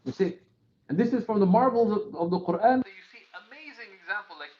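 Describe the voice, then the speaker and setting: A man teaching from a classical text, explaining step by step, often checking with "right?", and reading quoted passages in quick bursts. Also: sits high, lively intonation, darkish tone, muffled recording. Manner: reads quotations in rapid bursts.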